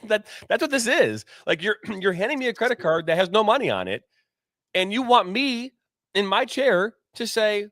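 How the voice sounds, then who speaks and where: A man on a soccer podcast vents in an animated, rambling rant, swearing freely and restarting his sentences. His voice sits a touch high and swings widely in pitch. The sound is dry and close. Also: normal speed, no room sound. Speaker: soccer commentator and podcast co-host. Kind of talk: candid opinionated podcast rant.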